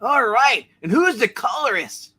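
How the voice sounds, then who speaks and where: A man's voice: very high-pitched, sing-song, measured pace, pushed and bright, slightly rough. A man in a casual comic chat, eagerly quizzing the others on the credits.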